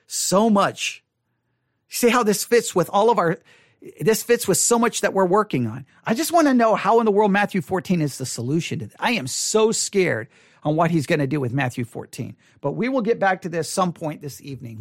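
An exasperated podcast host picks apart a sermon in a Bible study commentary, words tumbling out in restarts and circles. The voice is hoarse and fraying, with a lively pitch that swoops up and down. It sits close and dry, with no room sound at all. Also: no echo. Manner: exasperated, rambling with many restarts. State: hoarse, losing voice.

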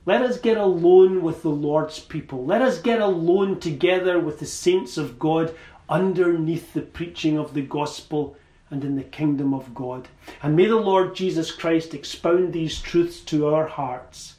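A man preaching a sermon in slow, measured phrases that rise into emphatic repeated calls. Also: on the high side, dark tone, roomy sound.

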